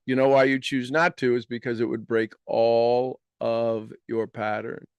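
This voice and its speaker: A man speaks in an earnest, explanatory way, then leads his listeners through affirmations at a slow and deliberate pace. His voice sits at an ordinary middle pitch, and the sound is dry and close, with no room echo. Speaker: speaker guiding an audience. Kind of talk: motivational talk with guided affirmations.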